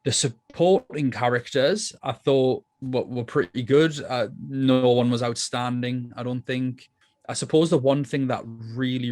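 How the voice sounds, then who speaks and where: A man co-hosting a film review podcast, chatting casually and thinking aloud with plenty of restarts. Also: mid-range voice. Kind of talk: casual chat.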